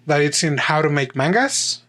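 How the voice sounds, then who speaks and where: A man's voice: on the high side, expressive, moderate pace, bright, forceful tone. A man co-hosting a podcast, speaking hesitantly with stammered restarts. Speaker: podcast co-host. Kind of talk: casual chat.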